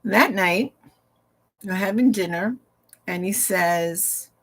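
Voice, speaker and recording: A woman recounts a ghost story from her own life in a relaxed, conversational way. She takes her time, speaking slowly at a middle pitch, and drops in "he goes" and "I said" as she acts out each exchange. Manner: acts out dialogue with "he goes, I said" asides. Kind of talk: casual spoken ghost story.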